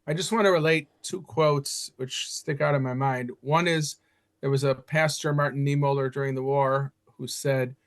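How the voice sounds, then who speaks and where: An older man from Chicago, a guest historian, telling stories in an animated way in a podcast interview. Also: moderate pace. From Chicago, USA. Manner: animated storyteller, leaps up in pitch when excited.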